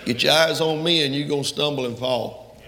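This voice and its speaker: A man preaching a fervent sermon in a church, rising to loud, emphatic peaks. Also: fairly high pitch, fairly even intonation, moderate pace. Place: church sanctuary. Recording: echoey hall from far off.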